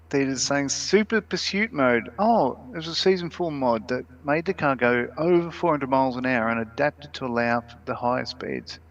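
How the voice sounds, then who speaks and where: A man's voice: medium pitch, moderate pace. A man co-hosting a casual live stream, reading viewer comments aloud and laughing often. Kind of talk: casual chat. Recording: dull lo-fi stream audio.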